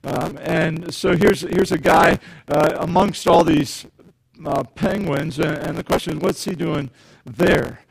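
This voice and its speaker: A man's voice: fairly high pitch, measured pace, gravelly, husky, no room sound, low-quality recording. A male pastor giving a conversational sermon, often repeating words and putting questions to the congregation.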